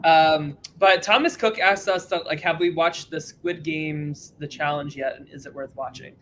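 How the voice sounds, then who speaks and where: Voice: medium pitch, steady tone, normal speed, fairly bright tone, a little hiss or hum. A podcast co-host chatting casually, talking candidly in a rambling way with mild exasperation. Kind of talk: casual chat.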